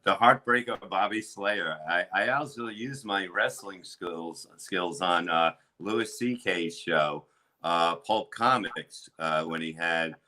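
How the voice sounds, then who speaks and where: A middle-aged man, a comedian, telling crude stories in a rambling, animated way with lots of restarts. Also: low-pitched, slow pace, rough recording. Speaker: comedian guest. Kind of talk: casual storytelling chat.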